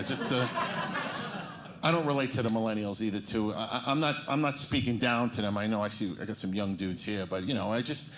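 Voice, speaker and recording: A man's voice: mid-range voice, expressive, fairly quick. A middle-aged man doing a stand-up routine, rambling and poking fun at himself. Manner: rambling, self-mocking storytelling. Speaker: stand-up comedian. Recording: echoey live room with loud background noise.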